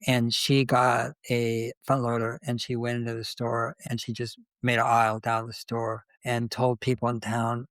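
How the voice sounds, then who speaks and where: A man's voice: mid-range voice, monotone, normal speed, hardly any pauses, fairly bright tone, no echo. An older man as an interview guest, telling anecdotes in a conversational way and acting out the dialogue he quotes. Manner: anecdotal, acts out quoted dialogue, restarts often. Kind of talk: conversational storytelling.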